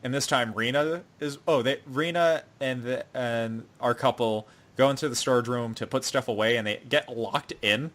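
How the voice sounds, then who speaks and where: A man's voice: medium pitch, moderate pace, hardly any pauses, fairly bright tone. Man rambling through a plot recap. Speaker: podcast co-host. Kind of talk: casual chat.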